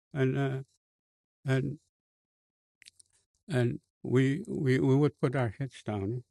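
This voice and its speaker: A man with a Cree accent, a bishop telling a personal story in a slow, halting way with many fillers and restarts. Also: mid-range voice, a little mellow, no room sound. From Canada.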